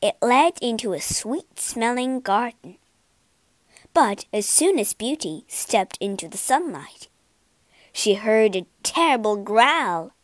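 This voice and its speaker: A woman reading a children's storybook aloud with lively expression. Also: on the high side, slow, no room sound. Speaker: storybook reader.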